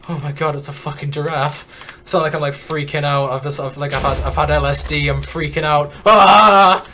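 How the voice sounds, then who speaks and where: A man's voice: mid-range voice, a bit bright, a little hiss or hum. A teenage boy, telling a story in a rambling, casual way while streaming a game. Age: teens. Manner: rambling, many restarts and fillers. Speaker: gaming streamer.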